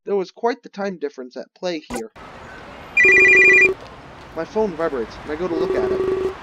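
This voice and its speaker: A man's voice: high-pitched, wildly swooping pitch, moderate pace, dull audio, heavy background noise. A man playing a visual novel, reading the narration aloud and dropping wry, joking asides. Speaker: video game player. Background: loud game music.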